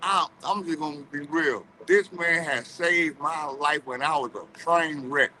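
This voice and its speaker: A man's voice: on the high side, a little slow, pushed and bright, a little hiss or hum, rough recording. A man speaking earnestly and emphatically as a guest on a livestream.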